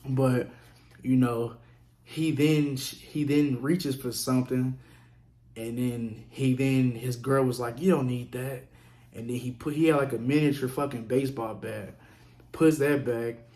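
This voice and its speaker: A man casually telling a story on his vlog, profane and animated, acting out what others said. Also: medium pitch, unhurried. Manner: profane, animated, acts out quotes. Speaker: vlogger.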